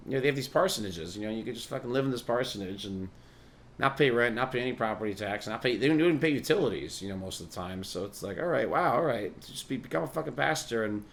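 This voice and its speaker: A New York podcast host rambles through a casual monologue in a gravelly, mid-range voice, talking quickly with lively intonation. He's profane and sardonic, laughing at his own jokes.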